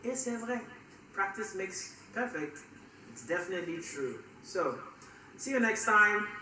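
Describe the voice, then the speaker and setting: A man's voice: high-pitched, sing-song, unhurried, pushed and bright, a little hiss or hum. A man teaching French in a casual lesson, repeating phrases for learners and switching between French and English. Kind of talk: casual language lesson to camera. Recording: echoey room, distant mic.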